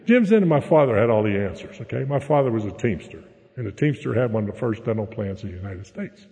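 A man spins a humorous story of his own life, folksy and plain-spoken, often checking in with the crowd with a quick "okay?". His pitch swings widely as he talks. His voice carries the long echo of a large hall. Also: animated, dark tone. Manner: folksy, keeps tagging lines with "okay?". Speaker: speaker sharing a recovery story. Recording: echoey hall.

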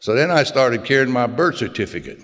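A man's voice: mid-range voice, big pitch swings, brisk, a bit bright. An older man telling his own story in a folksy, plain-spoken way with self-mocking humor. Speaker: speaker sharing his story. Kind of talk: personal storytelling talk. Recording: long hall reverb.

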